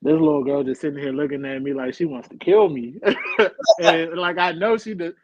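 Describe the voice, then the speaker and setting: A young man speaks candidly in a slangy, profane way on a podcast panel. His voice sits on the high side. The sound is dry and a bit muffled. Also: wildly swooping pitch, moderate pace, no room sound. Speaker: guest. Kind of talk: casual panel chat.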